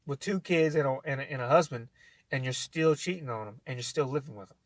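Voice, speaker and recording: Talking fast in a mid-range voice with no echo, a vlogger delivers a casual, argumentative rant to camera. He's blunt and profane, rambles with lots of restarts, and addresses the listener directly.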